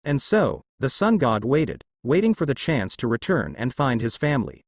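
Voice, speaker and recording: A man narrating a fan fiction story in a steady storytelling manner. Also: mid-range voice, moderate pace, creaky, no echo, clean studio sound.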